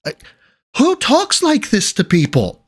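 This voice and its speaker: A man's voice: high-pitched, wildly swooping pitch, unhurried. A man doing casual livestream commentary, sarcastic and profane, mocking the clip he reacts to. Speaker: streamer reacting to clips.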